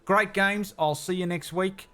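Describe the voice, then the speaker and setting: A man voicing a chatty male halfling sailor, talking in fast nervous patter. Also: sits high, steady tone, sharp tone, clear, resonant tone, faint music behind, pitched above the performer's own voice. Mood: nervous chatter.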